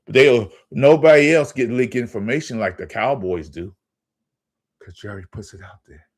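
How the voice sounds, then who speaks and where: A man's voice: mid-range voice, expressive, moderate pace. A man hosting his own sports channel, ranting in a heated, profane way and stammering when he gets angry.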